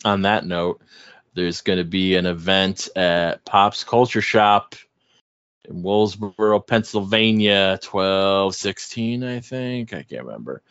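A man co-hosting a podcast, chatting in an animated, joking and mocking way. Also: deep voice, slow, clean tone, no room sound, dull audio. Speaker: podcast co-host. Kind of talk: casual chat.

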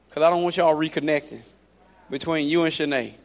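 A man preaching a sermon, animated and repetitive, with playful asides. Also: fairly high pitch, a little fast. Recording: dull lo-fi recording.

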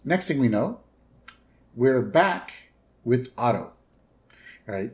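A man's voice: sing-song, takes it slowly, darkish tone. A man co-hosting a podcast, casually recapping a cartoon episode and briefly mimicking its characters. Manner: retells scenes, briefly mimicking characters in higher voices. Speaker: podcast co-host.

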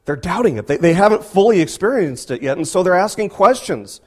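A pastor preaching a sermon, animated and full of rhetorical questions, often repeating words as he goes. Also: high-pitched, a little fast, few pauses.

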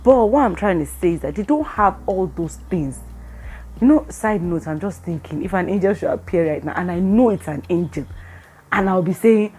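Nigerian lady chatting about faith, low mellow voice, animated, soft music behind. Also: moderate pace. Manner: lively, acts out dialogue, mixes in pidgin phrases. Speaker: Christian speaker. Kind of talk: casual devotional talk.

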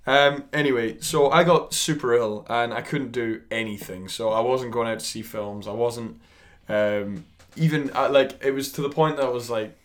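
Man, podcast co-host, relaxed, hesitant, mid-pitched voice. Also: moderate pace. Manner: relaxed, hesitant, filler-heavy. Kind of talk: casual chat.

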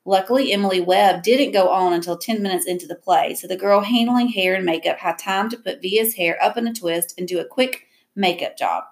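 A woman reading a first-person novel aloud in an even, reflective way. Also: mid-range voice, a little fast, creaky. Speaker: audiobook narrator.

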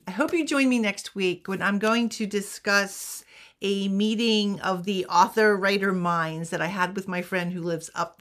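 A woman's voice: mid-range voice, sharp tone. Chatty woman giving vlog tips. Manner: chatty, self-deprecating humor. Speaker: author and teacher. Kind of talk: casual advice vlog.

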